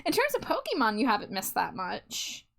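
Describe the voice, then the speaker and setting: A woman's voice: medium pitch, wildly swooping pitch, normal speed, gravelly, fairly bright tone, a little hiss or hum. A woman artist hosting a live stream, chatting casually in a friendly way and laughing often. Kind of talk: casual chat.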